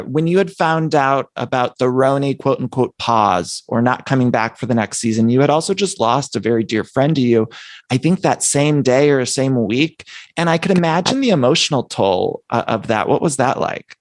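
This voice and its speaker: A man's voice: mid-range voice, moderate pace, dry recording, clean studio sound. A young man hosting a podcast, asking eager, chatty questions. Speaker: podcast host. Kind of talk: casual podcast interview.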